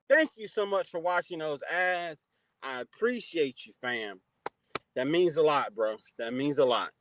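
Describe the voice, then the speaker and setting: High-voiced man hosting a casual livestream. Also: dry recording, low-quality recording. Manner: shouts out chat viewers warmly by name, preachy advice. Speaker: livestream host.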